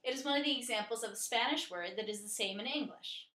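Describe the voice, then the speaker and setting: A woman narrating a scripted lesson in a clear, steady way, slowing down to spell out and pronounce words. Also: a little high, echoey room. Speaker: teacher.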